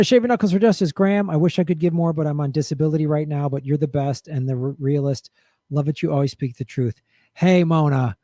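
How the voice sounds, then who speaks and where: A man's voice: a little high, a little mellow, no echo, clean studio sound. A middle-aged man hosting a livestream comedy show in a loose, chatty way, thanking viewers by name. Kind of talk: casual livestream sign-off.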